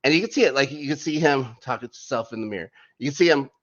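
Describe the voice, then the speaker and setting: A man's voice: mid-range voice, racing, a bit bright, highs cut off. A man co-hosting a casual TV review podcast, rambling loosely and trailing off with vague fillers. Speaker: podcast co-host.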